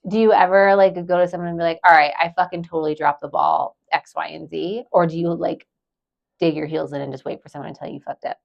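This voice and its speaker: Woman co-host, gravelly and low-pitched, dry jokes, muffled recording. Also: fairly even intonation, fast talker. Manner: wry, joking asides. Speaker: podcast co-host. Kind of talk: casual chat. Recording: dull muffled audio.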